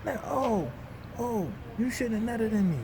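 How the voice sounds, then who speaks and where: A young man, venting in a heated, profane rant that swings between loud outbursts and low muttering. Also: expressive, a little slow, creaky, noisy background.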